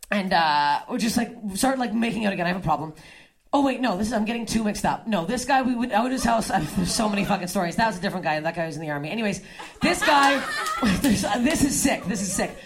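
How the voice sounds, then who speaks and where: A young woman doing stand-up comedy, telling crude stories and throwing quick asides to the audience. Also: medium pitch, a little hiss or hum. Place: comedy club stage before a laughing crowd. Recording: live club with audience laughter.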